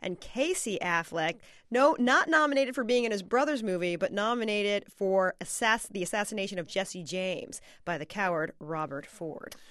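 A woman hosting a morning radio talk show, briskly running through lists of nominees. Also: medium pitch, a bit bright, dry recording, clean studio sound.

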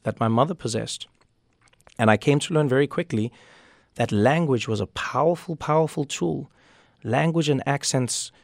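A man from Africa, a comedian giving thoughtful, animated interview answers in his thirties. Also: mid-range voice, vocal fry, dry recording, studio quality. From South Africa. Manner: thoughtful, animated, frequent restarts. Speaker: comedian and talk show host as guest. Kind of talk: reflective conversational interview answers.

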